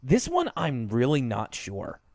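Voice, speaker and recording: A man co-hosting a podcast in casual chat, retelling cartoon scenes in an animated way, with lots of fillers and laughs. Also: medium pitch, unhurried, no room sound, clean studio sound. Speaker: podcast co-host.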